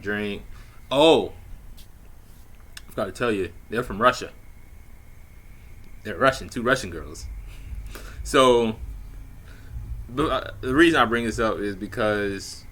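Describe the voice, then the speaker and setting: A man's voice: lowish voice, takes it slowly, pauses often, a bit bright. A man casually telling a personal story, laid-back and slangy with plenty of swearing and fillers. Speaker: vlogger telling a dating story.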